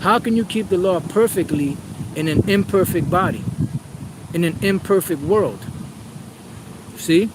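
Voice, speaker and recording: Man preaching outdoors, slightly high voice. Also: unhurried, pauses often, heavy background noise. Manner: reads scripture aloud, then explains with rhetorical questions; emphatic, repeats phrases. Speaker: Bible teacher. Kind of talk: preaching Bible study.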